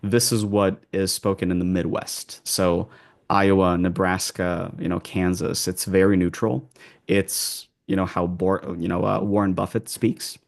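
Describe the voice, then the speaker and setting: A man's voice: low voice, little pitch movement, measured pace, gravelly. A man who works as an accent coach, answering interview questions in a rambling way with many restarts and fillers.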